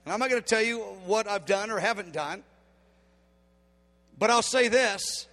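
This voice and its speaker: A man's voice: sits high, moderate pace, a bit bright. A man in his fifties preaching a sermon, emphatic and acting out the dialogue he quotes. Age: 50s. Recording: long hall reverb.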